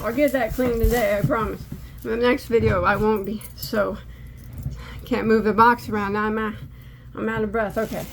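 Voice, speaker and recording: A woman's voice: on the high side, a bit bright, a little hiss or hum. A middle-aged woman hosting a crochet channel, chatting casually from a cluttered room at home as she unboxes yarn, rambling and restarting her sentences.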